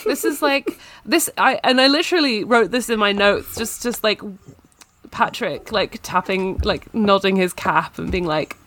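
A woman reads passages from a novel aloud on a relaxed podcast. She breaks off into animated asides and comments. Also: mid-range voice, measured pace, no room sound. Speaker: podcast co-host. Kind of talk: casual book discussion.

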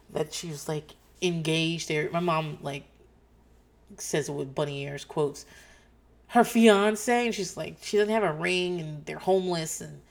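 A middle-aged woman talks on her podcast in a loose, rambling way, swearing freely as she drifts off track. Her voice sits a little low for a woman. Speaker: podcast host. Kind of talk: casual chat.

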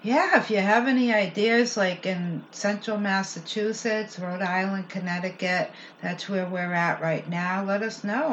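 A woman's voice: lowish voice, fairly bright tone. Chatty woman hosting a paranormal show. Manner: chatty, conversational, asks partner's opinion. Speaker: paranormal investigation show host. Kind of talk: casual commentary on recordings. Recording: muffled lo-fi recording with faint hiss.

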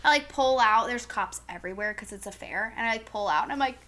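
Young woman podcast co-host, bright and a bit high, animated, profane storyteller. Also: quick pace. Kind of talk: casual chat.

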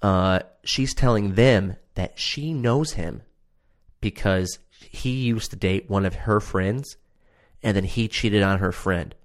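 Low-voiced man ranting profanely. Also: slow. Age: adult. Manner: profane, sarcastic, exasperated. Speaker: show reviewer. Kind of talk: casual ranting commentary.

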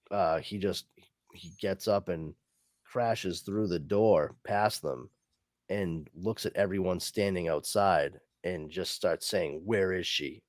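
A man's voice: low voice, darkish tone, dry recording, clean studio sound. A man hosting a podcast, casually recapping a comic book story in a rambling way, full of fillers. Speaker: podcast host.

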